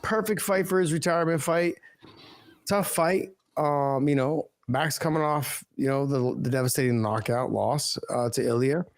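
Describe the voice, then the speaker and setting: A man's voice: on the high side, moderate pace. A man co-hosting a fight podcast, talking casually and bluntly, cursing now and then and reading out sponsor plugs. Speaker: podcast co-host. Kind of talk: casual chat.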